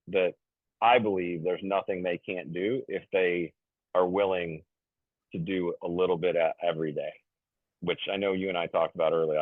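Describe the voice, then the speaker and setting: A deep-voiced man in his fifties rambles through a casual story as a podcast guest, stumbling over restarts and fillers with a jokey edge. The sound is thin and phone-like, with no room echo at all. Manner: jokey, self-described goofy. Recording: tinny phone-like dry sound.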